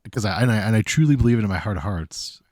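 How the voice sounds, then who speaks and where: Guy on a podcast, swears a lot, stammers, really lively pitch. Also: rapid-fire, no room sound, studio quality. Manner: excitable, profane, stammering restarts. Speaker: podcast co-host. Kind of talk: casual chat.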